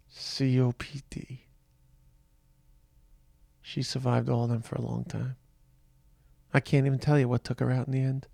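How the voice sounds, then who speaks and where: A man hosting a podcast, talking slowly and reflectively in a tired, halting personal monologue. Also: medium pitch, creaky, darkish tone, no echo, clean studio sound. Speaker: podcast host.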